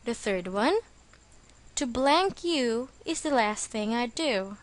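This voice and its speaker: A woman's voice: fairly high pitch, lively intonation, takes it slowly. A woman reading a scripted English vocabulary lesson as the teacher, speaking carefully and stressing syllables.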